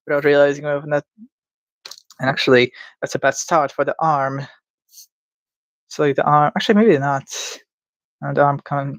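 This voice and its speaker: A man's voice: fairly high pitch, no echo. Rambling man thinking aloud while drawing. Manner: rambling, thinks aloud, stammers and restarts, playful asides. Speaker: livestreamer drawing game creatures. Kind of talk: casual livestream self-talk. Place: indoors at home.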